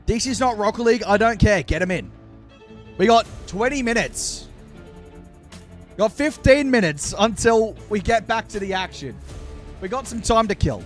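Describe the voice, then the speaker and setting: A man hosting a live watch-party stream, chatting casually with his viewers while fiddling with setup, his voice worn out and hoarse. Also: high voice, lively intonation, moderate pace, pauses often, faint music behind.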